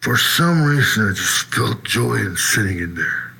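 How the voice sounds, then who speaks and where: Slow, bright-voiced man telling his story. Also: on the low side, very animated, vocal fry, husky, low-quality recording. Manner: halting, conversational, with tag questions like "you know" and "eh". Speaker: person giving a testimony. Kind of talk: personal testimony storytelling.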